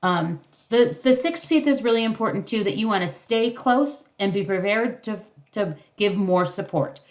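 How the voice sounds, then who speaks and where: A woman's voice: mid-range voice, animated, normal speed. A middle-aged woman leading a parenting workshop over a video call, teaching casually and acting out short parent and child lines. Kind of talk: casual instructional talk.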